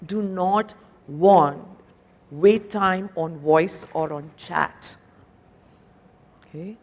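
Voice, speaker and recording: A woman's voice: on the low side, animated, extremely slow, pauses often. Indian woman speaking in an echoing conference hall. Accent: Indian English. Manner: conversational, asks the audience questions, tags "no?" and "right?". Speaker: conference speaker, company executive. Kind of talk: keynote talk to an audience. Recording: long hall reverb.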